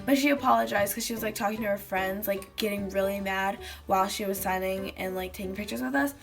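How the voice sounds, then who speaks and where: A female vlogger talks casually to the camera, rambling with lots of "like" and other fillers while acting out quotes. She speaks fast in a medium pitch with vocal fry, over soft background music.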